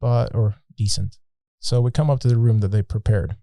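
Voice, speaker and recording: Mellow-voiced man telling a travel story. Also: on the low side, normal speed, creaky, no room sound, studio quality. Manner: animated, joking, many restarts. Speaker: podcast guest.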